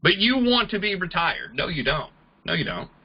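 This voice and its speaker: A man giving a network marketing training talk, an animated storyteller who acts out the people he quotes. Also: sits high, normal speed, breathy edge, dull audio.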